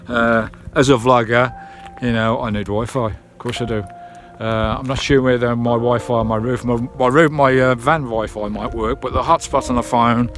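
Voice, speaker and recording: A man's voice: medium pitch, fairly even intonation, normal speed, hardly any pauses, fairly bright tone. A British man vlogging casually from inside his camper van, chatting and swearing lightly. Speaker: vanlife vlogger. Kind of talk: casual vlog chat.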